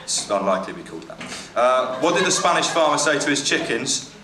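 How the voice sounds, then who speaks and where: Guy reading jokes on stage, dry, umming a lot, boomy room, noisy background. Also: big pitch swings, fast. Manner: hesitant, dry, lots of ums and trailing asides. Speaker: stand-up comedian reading jokes. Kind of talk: deadpan stand-up reading. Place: comedy venue stage. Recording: echoey room with background noise. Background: audience laughter.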